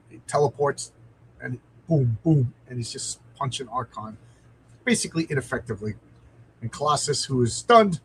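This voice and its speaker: Man, live-stream comic reading, enthusiastic, chatty with viewers, mid-pitched voice, faint background hiss. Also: a bit bright, poor audio. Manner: enthusiastic, answers viewer comments.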